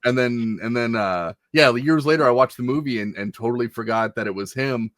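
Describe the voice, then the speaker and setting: A man's voice: mid-range voice, brisk, a bit bright, no room sound. A man guesting on a casual interview, recalling old stories and laughing through them. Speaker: podcast guest, former wrestling ring crew.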